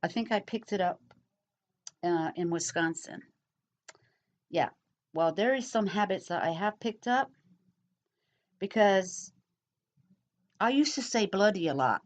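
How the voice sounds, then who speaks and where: A middle-aged woman chatting casually as she answers comments, talking slowly and rambling with pauses and fillers. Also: medium pitch, lively intonation, highs cut off. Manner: slow, rambling, pausing, with many fillers. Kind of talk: casual chat.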